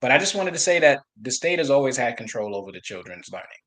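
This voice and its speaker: A man's voice: medium pitch, big pitch swings, fast talker, a bit bright. A man talking on a podcast panel, speaking casually and acting out quoted officials with a mocking voice.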